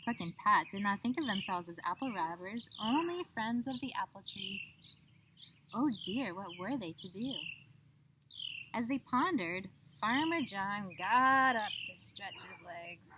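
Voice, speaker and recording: A woman telling a children's story outdoors in an expressive, drawn-out storybook manner. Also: medium pitch. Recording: outdoor noise with birdsong.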